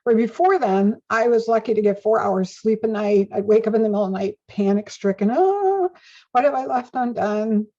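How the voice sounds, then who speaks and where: An older woman speaking as an interview guest in an animated way, laughing often, heard on a dull lo-fi recording. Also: medium pitch, a little fast, few pauses. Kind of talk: conversational interview.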